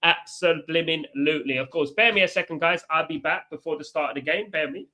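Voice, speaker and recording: A bright-voiced man, on the high side and fast, hosts a live watchalong stream from a hot indoor room in Italy. He chats with viewers, shouts them out, and rants about football in a fired-up way.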